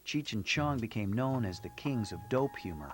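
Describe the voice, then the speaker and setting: A man reading scripted documentary narration in a measured, storytelling way. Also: fairly low pitch, expressive. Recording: narration over loud music.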